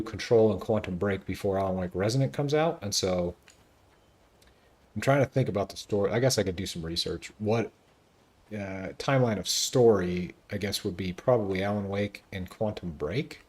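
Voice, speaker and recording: A man streaming a video game, chatting casually and joking as he thinks out loud. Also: fairly low pitch, moderate pace. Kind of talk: casual gameplay commentary.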